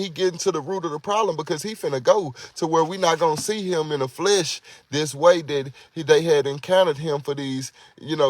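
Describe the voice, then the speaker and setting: A man's voice: mid-range voice, dry recording. Man preaching, chatty, stumbles and repeats himself a lot, dry close sound. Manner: conversational, repeats words often, voices quoted prayers. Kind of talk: informal sermon.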